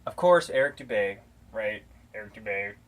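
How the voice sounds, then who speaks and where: Fairly low-pitched and animated, with a moderate pace and fairly bright tone, this American vlogger speaks casually to camera. Based in Arizona, he delivers rambling, affectionate talking-head shout-outs through the camera mic, with plenty of fillers and restarts.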